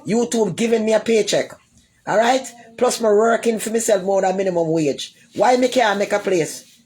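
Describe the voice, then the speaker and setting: Woman, Jamaican accent, middle-pitched voice, live-stream rant, rambling, repetitive, combative, close phone mic. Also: moderate pace, darkish tone, breathy edge. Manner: rambling and repetitive, loops back over the same points; combative, trades blunt insults with commenters. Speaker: livestreamer.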